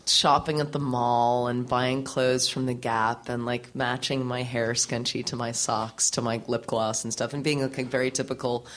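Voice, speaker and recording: A woman's voice: rumbling low, moderate pace, hardly any pauses. A woman musician as an interview guest, telling a candid story from her teens with frequent laughs, casual swearing and lots of fillers. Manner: animated, laughing often, swearing freely, many fillers.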